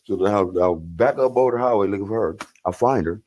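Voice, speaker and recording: Interviewee, man with an LA accent, very deep voice, loose street-slang storyteller who curses freely. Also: a little fast, lo-fi sound. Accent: Los Angeles. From South Central Los Angeles. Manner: slangy, rambling, profane, acts out voices loudly.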